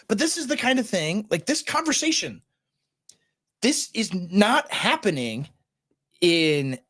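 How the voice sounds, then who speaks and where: A man with a fairly high voice that swings widely up and down as he talks. He hosts a podcast, speaking casually and with animation, and keeps checking in with "right?" after his points. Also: fairly bright tone. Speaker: podcast host. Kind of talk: casual political chat.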